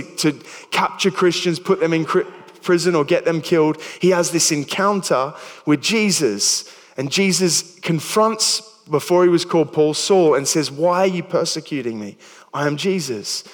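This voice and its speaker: A man's voice: on the high side, long reverb tail. A man in his thirties with an Australian accent, preaching a sermon in a chatty, stumbling way with self-deprecating jokes. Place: church hall.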